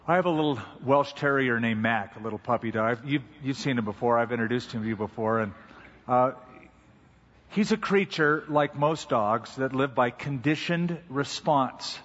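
A male pastor preaches to a congregation in a relaxed, storytelling way, his mid-range voice trailing off into a long hall reverb. The recording sounds a little dull and muffled. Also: mid-range voice. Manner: conversational storytelling, unhurried. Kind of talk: sermon.

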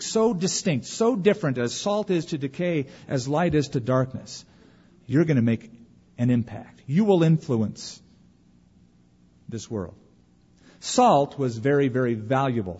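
A man preaching a sermon as pastor, emphatic, slowing for weight and dropping to a hush at the ends of phrases. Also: a little high, breathy edge. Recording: dull lo-fi recording.

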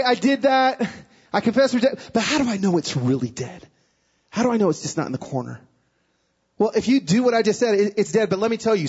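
A male preacher with a very high, husky voice gives an animated sermon, acting out dialogue as he tells stories. The recording sounds dull and lo-fi. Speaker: guest speaker. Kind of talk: sermon with storytelling.

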